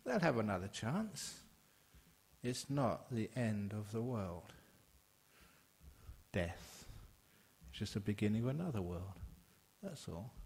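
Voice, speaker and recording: An older man, a Buddhist monk from England, giving a conversational and humorous dharma talk, emphatic with sudden rises in pitch. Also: very animated, slow, gravelly, pauses often, a little mellow. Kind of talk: dharma talk to a live audience.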